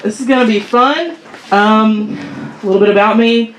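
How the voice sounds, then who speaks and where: A woman doing improvised stand-up in a small comedy club, brash and laughing, with loud bursts. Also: a little high, normal speed. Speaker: stand-up comic. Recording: roomy club with crowd noise.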